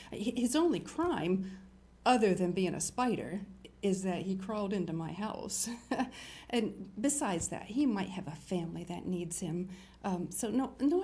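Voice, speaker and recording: An older woman hosting a children's show, reading a picture book aloud and chatting warmly to young viewers. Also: medium pitch. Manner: animated, storytelling, talks to young viewers. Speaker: children's TV host.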